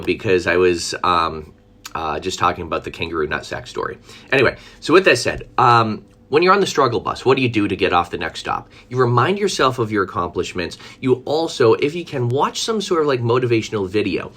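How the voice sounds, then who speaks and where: A man's voice: fairly low pitch, fairly bright tone. A man telling a story in a casual live stream, chatty, with frequent laughter, fillers and restarts. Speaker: vlogger.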